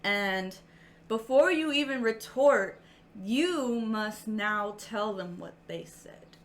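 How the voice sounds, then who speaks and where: Woman calmly explaining listening steps. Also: a little high, slow pace. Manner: explanatory, walks through steps with examples. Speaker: podcast co-host. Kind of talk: casual chat.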